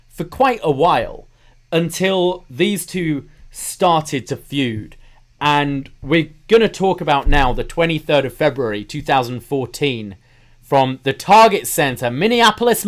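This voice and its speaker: A man co-hosting a casual wrestling podcast, measured as he recaps dates and venues. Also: a little high. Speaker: podcast co-host.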